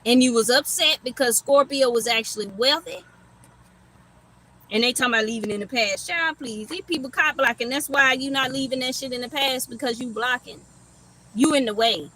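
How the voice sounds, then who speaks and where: A woman's voice: high voice, fairly quick, pushed and bright, low-quality recording. A woman giving a casual livestream tarot reading, rambling and profane, laughing as she tells stories. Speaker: tarot reader.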